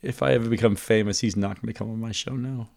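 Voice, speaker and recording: A man's voice: lowish voice, fairly even intonation, fast talker, vocal fry, darkish tone. A man hosting a podcast, chatting casually and enthusiastically, rambling with many restarts. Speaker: podcast host. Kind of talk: casual chat.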